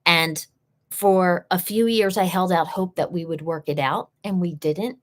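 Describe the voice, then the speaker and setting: A woman's voice: on the low side, unhurried. A woman hosting a live session, telling a personal story in an earnest way and repeating key phrases for emphasis.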